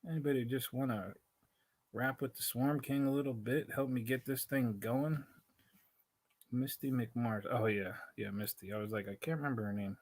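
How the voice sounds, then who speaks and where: With a medium-pitched, darkish voice and fairly even intonation, this man talks at normal speed. He's a livestream host with a Spanglish accent, speaking into a laptop mic, drifting from thought to thought, interrupting himself and laughing frequently.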